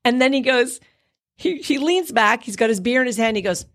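A woman's voice: a little high, fairly quick. A middle-aged woman from Canada, an actor, chatting casually on a podcast and acting out the things she says to herself as she tells a story. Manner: animated storyteller, acts out quoted inner dialogue.

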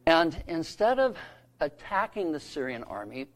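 A man preaching a sermon who retells scripture stories, lifting his voice for quoted lines and dropping soft and low to land a point. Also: sing-song, measured pace. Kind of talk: sermon storytelling.

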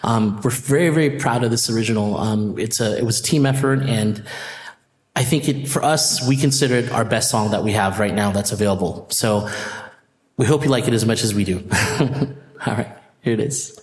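An animated man tells a story and acts out the voices in it. His voice rings in a roomy space with a long reverb tail. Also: on the low side, normal speed. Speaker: band leader. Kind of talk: storytelling in a live-streamed chat. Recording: echoey room with long reverb.

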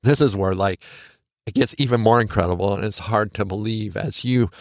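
A man's voice: on the low side, normal speed, dry recording, studio quality. A man hosting a podcast, giving candid, joking, conversational advice. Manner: candid, joking, conversational with frequent "you know". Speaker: podcast host. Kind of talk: frank casual advice monologue.

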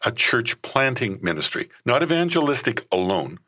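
A man's voice: medium pitch, moderate pace. A man who leads a ministry, explaining his work in an interview and acting out the conversations he has. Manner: acts out conversations, animated storyteller. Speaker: ministry leader.

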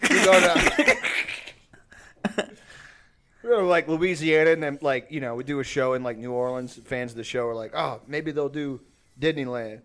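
A man's voice: medium pitch, normal speed, pauses often, fairly bright tone, slight background noise. A man co-hosting a podcast, trading rambling jokes and slipping into goofy quoted voices. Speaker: podcast co-host. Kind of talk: joking banter.

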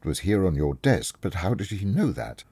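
A man reading a story aloud, voicing a calm, clever male detective who explains things step by step and is kindly but firm. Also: sits low, moderate pace, slightly rough, dry recording, pitched above the performer's own voice, exaggerated voice. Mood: explaining. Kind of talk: audiobook reading.

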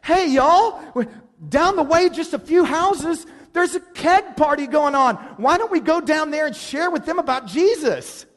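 A man putting on an excited high-voiced young woman. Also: measured pace, in a large hall. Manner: eager, high-pitched exclaiming.

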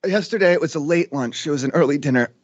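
A man's voice: fairly high pitch, fast, dry recording, lo-fi sound. A man making a prank call, rambling and arguing in an overwrought way. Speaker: prank caller.

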